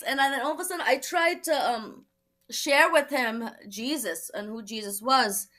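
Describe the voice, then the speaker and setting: A young woman tells her personal testimony as a guest. She sounds bright and a little high, acts out quoted dialogue and laughs easily. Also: unhurried. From Brooklyn, New York. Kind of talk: personal testimony in a talk show.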